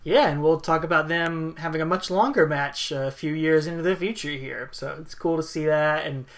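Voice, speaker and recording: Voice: mid-range voice, normal speed, fairly bright tone. Podcast co-host, easygoing banter, casual wrestling talk.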